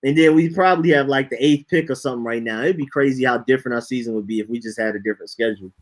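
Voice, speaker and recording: A man co-hosting a podcast in casual sports chat, talking in a relaxed, slangy way and greeting viewers in the live chat. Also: mid-range voice, racing. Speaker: podcast co-host.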